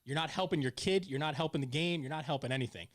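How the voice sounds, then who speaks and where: A man in his forties hosting a casual talk show, telling stories with animated energy and getting loud when retelling arguments. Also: on the high side, fast. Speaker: podcast host, youth softball coach. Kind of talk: casual chat.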